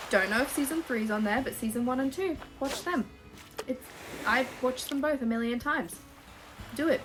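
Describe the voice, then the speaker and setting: Gushing, sweary young Australian woman. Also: medium pitch. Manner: gushing, sweary and animated, full of fillers. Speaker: YouTuber. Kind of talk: casual Q&A chat while playing a game. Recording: music playing behind.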